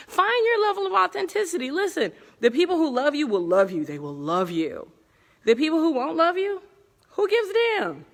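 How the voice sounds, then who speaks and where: In a hotel conference room at night that sounds like a large hall, a woman coach talks to livestream viewers in a mid-range, fairly bright voice. She's casual and blunt, cursing liberally and laughing often.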